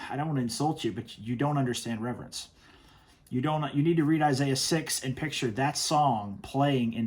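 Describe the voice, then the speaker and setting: A man hosting a commentary show, talking in an emphatic, stern way and often repeating himself. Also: mid-range voice. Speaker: host reviewing worship music. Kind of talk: opinionated commentary.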